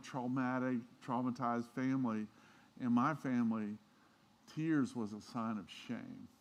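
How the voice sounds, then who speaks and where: A man preaching a sermon, telling stories with feeling and swinging between hushed and emphatic delivery. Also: medium pitch. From Southern United States. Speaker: pastor.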